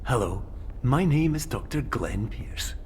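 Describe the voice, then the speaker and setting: A man's voice: mid-range voice, expressive, unhurried, a little hiss or hum, close to an everyday voice. A man playing a chipper game doctor. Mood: breezy. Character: chipper male doctor giving recorded updates. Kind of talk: scripted game voice-over.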